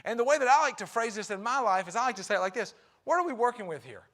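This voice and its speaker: A guest preacher, a young adult to middle-aged husband and father, delivers a sermon in a church sanctuary. His voice is very high-pitched with big pitch swings, rapid-fire and fairly bright. He talks conversationally and acts out the quotes in his story.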